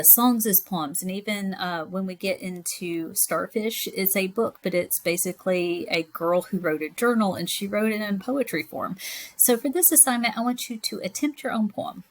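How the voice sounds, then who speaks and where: A woman teacher in her thirties or forties, giving a recorded class lecture in a chatty, rambling way with frequent asides. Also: lowish voice.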